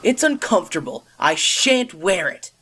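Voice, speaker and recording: A narrator voicing a stubborn, jealous little blue tank engine who talks in a slow, sulky way, in a toy-train storybook remake. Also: medium pitch, big pitch swings, a bit bright, a little hiss or hum.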